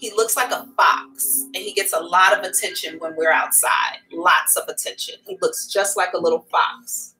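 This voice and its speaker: A woman's voice: lowish voice, fairly even intonation, moderate pace, hardly any pauses, sharp tone, faint music behind, low-quality recording. A middle-aged woman hosting a psychic livestream, chatting candidly and calling her viewers y'all. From America. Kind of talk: casual livestream chat.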